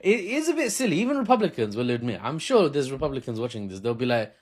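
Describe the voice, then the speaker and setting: A man's voice: medium pitch, huge pitch swings, quick pace, husky. Chatty man explaining politics. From Britain. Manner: chatty, self-mocking, laughs often. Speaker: political commentator. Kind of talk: casual unscripted explainer. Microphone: phone camera.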